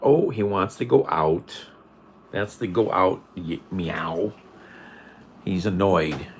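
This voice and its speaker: A man's voice: low voice, animated, unhurried, slight background noise. A man vlogging in a casual late-night chat, telling stories, laughing at his own jokes and cooing at his cat. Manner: coos at his cat in baby talk.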